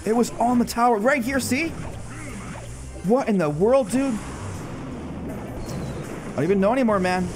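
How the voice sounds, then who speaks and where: A man giving live commentary over his own mobile game matches, casual and excitable, often breaking into loud disbelieving shouts. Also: extremely high pitch, normal speed, pauses often, music in the background. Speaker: gaming channel host.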